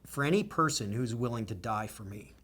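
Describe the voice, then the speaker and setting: A man's voice: mid-range voice, lively intonation, brisk, a bit bright. Earnest, emotional executive man. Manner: earnest, emotional, stream of consciousness. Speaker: business executive interviewee. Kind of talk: candid interview answers.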